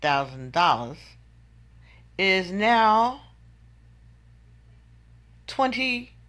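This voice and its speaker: Woman vlogger, venting monologue, exasperated and incredulous, bright forceful tone. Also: mid-range voice, very animated, drawn-out words.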